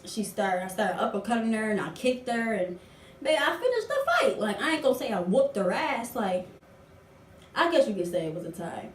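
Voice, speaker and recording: A young adult woman telling a story in a casual vlog, animated and full of slang. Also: fairly high pitch, normal speed, slight background noise. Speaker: vlogger. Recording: roomy echo, distant from mic.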